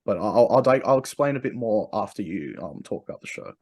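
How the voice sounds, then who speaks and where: A man's voice: lowish voice, expressive, brisk, a little mellow. A man co-hosting a wrestling podcast, giving his opinion in casual chat and stumbling over repeated words. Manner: hesitant, repeats words while forming a point. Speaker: podcast co-host.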